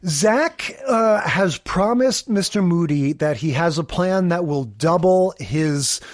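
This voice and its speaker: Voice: medium pitch, expressive, takes it slowly. A podcast co-host chatting casually about a sitcom episode with wry humor and frequent laughter. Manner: wry, laughs often, acts out scenes with sound effects. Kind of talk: casual chat recapping a sitcom.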